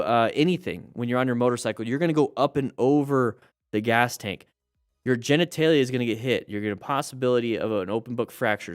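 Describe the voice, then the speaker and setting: A middle-aged man commenting live on motorcycle crash videos as a riding instructor, lively and coaching, with jokey asides. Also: medium pitch, smooth.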